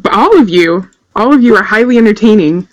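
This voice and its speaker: A woman's voice: medium pitch, animated, fairly quick, a crowd in the background, low-quality recording. A woman from Canada playing a tabletop game, giggly and self-conscious. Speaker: player. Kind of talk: casual tabletop play.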